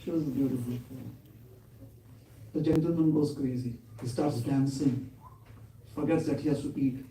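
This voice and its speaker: Man telling a lively sermon story. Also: medium pitch, moderate pace, pauses often, a little hiss or hum. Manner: animated, acts out the story. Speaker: temple speaker. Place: temple hall. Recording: roomy hall from far off.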